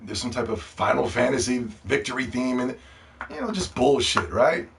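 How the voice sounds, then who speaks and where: A man's voice: mid-range voice, normal speed, gravelly. A man hosting a podcast in a casual, profane, sarcastic rant. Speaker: podcast host.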